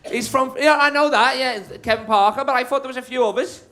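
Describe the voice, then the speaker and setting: A fast-talking man with a very high, bright voice and forceful tone performs stand-up at a comedy club. Bantering brashly with the live crowd and swearing freely, he's captured in a live club recording with the audience.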